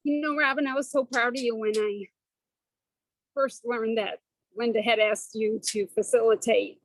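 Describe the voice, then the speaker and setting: Woman, high voice, dry close sound; affectionate, emotional encouragement on a video call. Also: steady tone, moderate pace, dry recording, poor audio. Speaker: study group participant.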